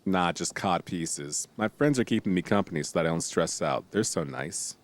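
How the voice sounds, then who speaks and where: This man has a deep voice and keeps a moderate pace. Casually playing a strategy game on stream, he reads the tutorial aloud, banters playfully with viewers, and now and then breaks into excited exclamations.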